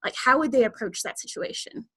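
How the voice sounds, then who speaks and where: A woman's voice: sits high, lively intonation, brisk, sharp tone, slightly rough. A young woman interviewing a guest, chatty and loose with frequent fillers. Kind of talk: casual interview questions.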